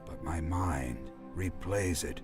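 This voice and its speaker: A man's voice: deep voice, slow, music in the background. A man reading a reclusive scientist's diary. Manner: flat, unacted script reading. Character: reclusive male scientist writing his diary. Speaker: narrator reading diary notes in a video game.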